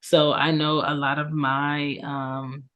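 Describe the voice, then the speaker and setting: A woman's voice: deep voice, flat delivery, slow, a bit bright, muffled recording. A woman in her thirties hosting her own podcast, chatting casually with lots of ums and tag questions, her voice congested from allergies. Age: 30s. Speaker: podcast host. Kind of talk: casual solo podcast talk.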